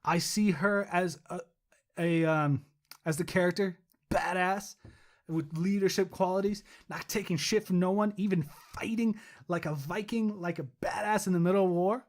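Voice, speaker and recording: Chatty joking man with a higher voice. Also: normal speed. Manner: rambling, joking, swearing, self-mocking. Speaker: podcast co-host. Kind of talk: casual podcast chat.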